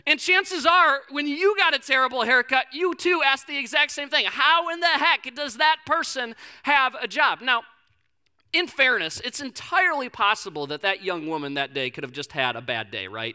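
A man's voice: high voice, a little fast, smooth. A young man preaching a sermon to a congregation, a pastor telling funny personal stories and acting out quoted voices. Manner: lively storytelling with humor and quoted voices.

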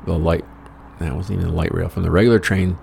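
Casting: American man, very low gravelly voice, wry profane storyteller, faint hiss behind. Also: steady tone, quick pace, a little mellow. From United States. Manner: wry, profane, rambling with self-mocking asides. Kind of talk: casual personal storytelling.

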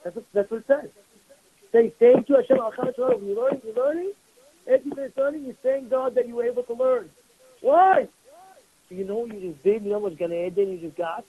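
A man's voice: very high voice, fairly quick, husky, phone-quality sound. A man, a rabbi, giving a Torah class sermon, emphatic and repetitive, firing rhetorical questions at his students. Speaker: rabbi teaching a weekly class.

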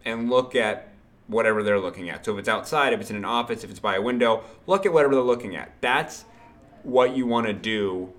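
Man, low voice, sales podcast host, punchy and repetitive, swears casually. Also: fairly quick. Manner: energetic, punchy, repeats phrases, swears casually. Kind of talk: solo motivational sales podcast.

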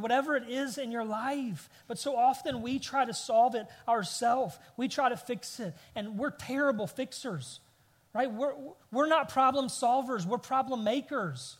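A man in his thirties preaching a sermon, telling a family story with rising bursts of emphasis. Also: extremely high pitch. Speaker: pastor. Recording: long hall reverb.

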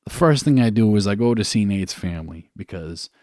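A young man from New Hampshire, a guest telling a candid personal story in a casual, profane way, halting with fillers. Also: lowish voice, animated, a little mellow, no echo, studio quality.

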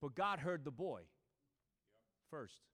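Male preacher, high voice; dynamic sermon delivery, shouts then drops to a hush. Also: lively intonation, slow. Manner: swings from shouting to hushed near-whispers.

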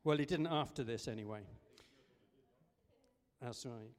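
During a church service, a man with a mid-range voice preaches unhurriedly and conversationally, full of ums and restarts. The church hall gives the recording an echo.

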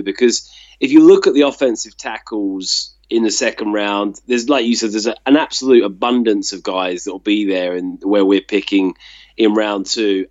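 A man's voice: on the low side, no room sound, muffled recording. A man co-hosting a casual sports chat, talking in loose, rambling runs full of fillers. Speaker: podcast co-host.

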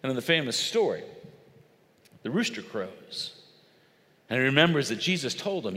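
A male pastor preaching an animated storytelling sermon, emphatic and dramatic. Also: mid-range voice, moderate pace, long reverb tail. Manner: animated, emphatic, acts out quotes.

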